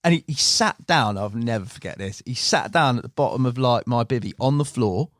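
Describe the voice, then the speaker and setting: A man telling a story in casual podcast chat, animated and full of fillers like "mate", recorded in a podcast studio. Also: medium pitch, brisk, no room sound. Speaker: team member recounting stories.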